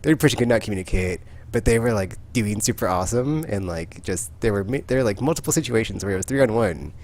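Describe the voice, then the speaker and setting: A man's voice: on the low side, lively intonation, quick pace, darkish tone. A man hosting a podcast, telling rambling stories in casual chat with lots of fillers. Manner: rambling, filler-heavy storytelling. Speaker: podcast host.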